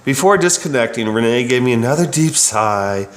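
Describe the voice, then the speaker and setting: A man's voice: medium pitch, fairly quick, few pauses. A bike shop service writer reading his own work story in a wry, opinionated way. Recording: roomy echo.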